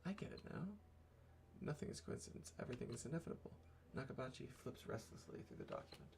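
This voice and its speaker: A man reading a visual novel's narration aloud in a measured, subdued way. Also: mid-range voice, wildly swooping pitch, gravelly, noisy background.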